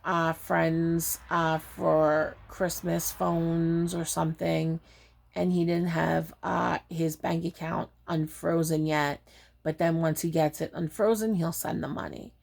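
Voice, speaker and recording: A woman tells a personal story in a casual, chatty way, blunt and full of fillers as she acts out both sides of a conversation. Her voice sits a little low and has a gravelly, fried texture. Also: flat delivery, slow, a little mellow. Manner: frequent fillers like "like" and "um".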